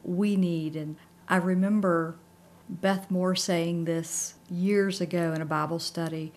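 A woman pastor with a slightly low voice leads a faith conversation. She speaks gently and encouragingly, pausing to reflect as she talks. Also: steady tone. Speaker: pastor and co-host.

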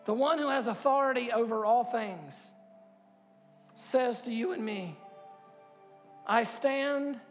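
Fifties male pastor, high-pitched and fervent, sanctuary with long reverb. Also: takes it slowly, long pauses, dull audio, music in the background. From Harkers Island, North Carolina. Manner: builds to loud impassioned preaching, repeats words, asks the crowd questions. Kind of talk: sermon. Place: church sanctuary.

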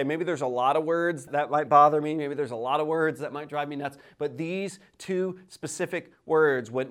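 A man in his thirties preaching a sermon as pastor, telling stories in an animated way and often repeating words as he starts a sentence. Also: medium pitch. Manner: lively, animated storytelling with quoted voices.

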